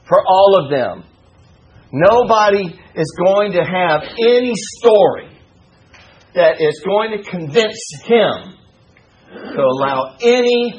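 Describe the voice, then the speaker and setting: A man teaching a Bible study in a folksy, joking way, full of "you know" and shifts between raised preaching and low asides. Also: a little hiss or hum, low-quality recording.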